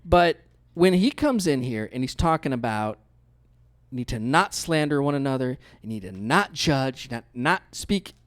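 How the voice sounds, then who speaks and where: A man preaching a sermon as pastor, telling stories in a conversational way with quick acted-out quotes. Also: mid-range voice, sing-song.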